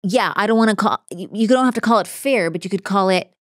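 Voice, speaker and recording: A woman speaking as a relationship coach in a casual podcast conversation, animated and acting out the voices she quotes. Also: mid-range voice, quick pace, no echo, clean studio sound.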